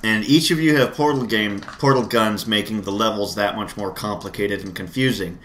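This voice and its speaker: A man's voice: lowish voice, normal speed, fairly bright tone, a little hiss or hum. A man hosting a casual podcast chat, rambling with frequent restarts and laughter. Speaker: podcast host.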